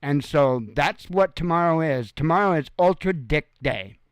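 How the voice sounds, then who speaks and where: A man's voice: on the high side, expressive, moderate pace, smooth, dry recording. A tired, sore man speaking frankly in a rambling casual monologue, swearing freely. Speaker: host.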